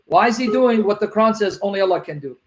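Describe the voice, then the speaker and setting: A man debating religion, reading verses aloud slowly and repeating references with emphasis. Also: high-pitched, expressive. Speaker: Christian apologist.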